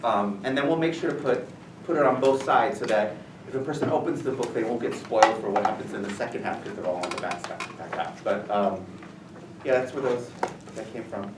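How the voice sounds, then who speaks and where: A man telling stories casually to a school audience as a visiting author, animated and self-deprecating with many fillers. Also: mid-range voice, a little fast. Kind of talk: casual storytelling talk to students. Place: school room. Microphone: far room mic. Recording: echoey room from far off, noisy.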